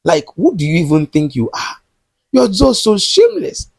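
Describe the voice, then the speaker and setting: A male movie reviewer recaps scenes and talks straight at the characters with indignation. His voice is a little husky and fairly high, and it rises and falls with lively swings. The recording is dry and close. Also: moderate pace, no room sound. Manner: indignant, scolding the characters directly. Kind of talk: recap and commentary on a film.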